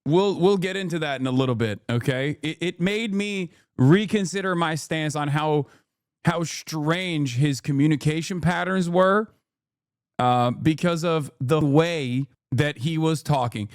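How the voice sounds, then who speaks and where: A man hosting a live stream, reacting to news in an animated, mocking way with sudden incredulous outbursts. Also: a little high, measured pace, smooth, dry recording, clean studio sound. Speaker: livestream host.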